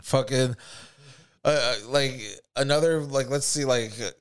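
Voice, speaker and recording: On a casual podcast, a co-host in his thirties with an American accent tells profane, rambling stories and acts out other people's voices in a storytelling chat. His medium-pitched voice has fairly even intonation, a measured pace and a clean tone.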